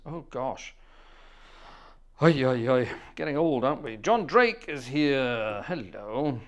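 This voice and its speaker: Chatty middle-aged male livestream host. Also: mid-range voice. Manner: chatty, warm-hearted, playful asides. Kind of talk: casual chat greeting live viewers.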